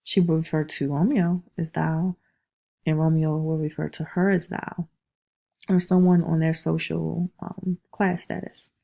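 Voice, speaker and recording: Lecturing to a class, this woman has a deep, warm, creaky voice with little pitch movement and a slightly slow delivery. Rhythms get tapped out aloud, and "okay?" comes up again and again as she checks comprehension.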